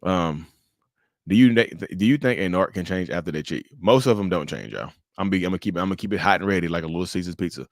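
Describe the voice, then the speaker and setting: A man hosting a casual livestream, animated and joking, often stumbling and restarting as he answers viewers' questions. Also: low-pitched, fast, no echo, studio quality. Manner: addresses viewers as y'all, answers chat questions. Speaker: livestream host.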